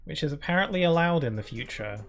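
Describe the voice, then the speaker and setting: A man's voice: on the high side, expressive, quick pace, a bit bright. A young man giving casual, rambling commentary while playing a game on stream, talking into a desk microphone. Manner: rambling, easygoing, many fillers. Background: game music.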